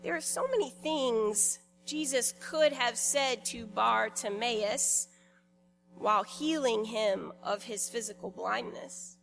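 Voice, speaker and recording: A woman pastor giving a sermon in a church in a conversational, lightly humorous way, pausing deliberately between phrases. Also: fairly high pitch, vocal fry, fairly bright tone, faint music behind.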